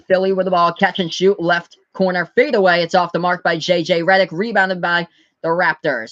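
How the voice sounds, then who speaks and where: A man from the US Northeast giving live play-by-play commentary on his stream, calling the score briskly and talking to his chat. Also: sits high, a bit bright, no room sound, dull audio.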